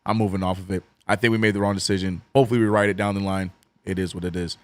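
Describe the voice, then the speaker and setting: A man with a New Orleans accent does fan play-by-play, his voice cracking and worn. He jumps up high and loud for big plays, then drops to low, quick asides to his chat. The sound is dry and close to the mic. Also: dry recording. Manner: swings from excited calls to low, mumbled chat with viewers. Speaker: streamer doing fan play-by-play. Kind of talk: watch-along play-by-play and chat.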